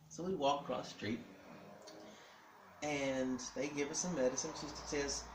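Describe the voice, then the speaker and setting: A man telling a personal story in a lively way, acting out what each person said. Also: mid-range voice, moderate pace, pauses often, distant mic, slight background noise. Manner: animated, acts out the dialogue of everyone in the story. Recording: echoey room.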